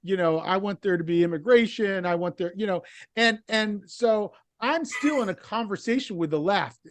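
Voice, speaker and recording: A man's voice: sits high, moderate pace, no room sound. A middle-aged man speaking as a podcast guest, explaining his views earnestly with frequent restarts. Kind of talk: casual interview conversation.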